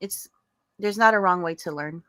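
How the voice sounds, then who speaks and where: A woman's voice: on the low side, moderate pace, fairly bright tone, dry recording. A woman in her thirties in a casual group chat, emphatic and slangy. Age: 30s. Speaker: panelist.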